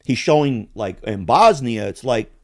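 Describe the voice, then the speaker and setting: A man's voice: medium pitch, expressive, unhurried, a little mellow, no room sound, clean studio sound. A man hosting a casual podcast, rambling bluntly with heavy swearing. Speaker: podcast host.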